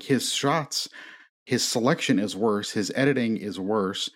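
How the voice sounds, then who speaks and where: A man talking casually on a movie podcast, rambling through strong opinions with frequent "like" and "um". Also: on the low side. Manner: rambling, opinionated, with many fillers. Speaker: podcast co-host.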